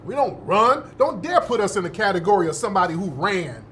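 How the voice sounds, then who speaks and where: A man's voice: high-pitched, sing-song, brisk, a bit bright, slight background noise. A man hosting a show, giving heated, indignant commentary, cursing and repeating phrases for emphasis. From United States, born in the North, raised in the South. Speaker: host.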